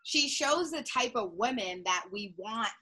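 A young woman in casual reality-TV chat, blunt and animated, swearing freely and mimicking people. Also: fairly high pitch, measured pace, slightly rough.

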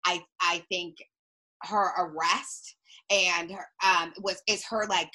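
A young woman in casual reality-TV chat, blunt and animated, swearing freely and mimicking people. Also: on the low side, takes it slowly.

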